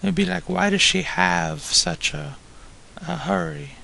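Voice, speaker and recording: Very creaky man answering hesitantly. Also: high voice, fairly even intonation, measured pace, bright, forceful tone. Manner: hesitant, working answers out aloud with fillers. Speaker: student on the lesson. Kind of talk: casual spoken lesson.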